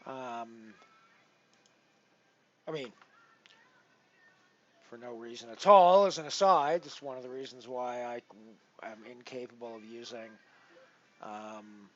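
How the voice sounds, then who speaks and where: A man commentating his poker stream in a casual, rambling way, full of restarts, his loudness rising and falling as he goes. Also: medium pitch, slow pace, long pauses, lo-fi sound, slight background noise. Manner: rambling, with many restarts and big swings in loudness. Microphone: headset.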